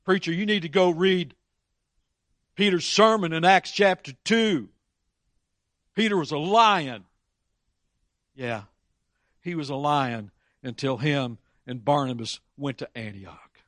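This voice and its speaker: A man preaching a sermon, animated, with frequent restarts and loud dramatic climaxes. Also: a little high, takes it slowly, long pauses, no room sound.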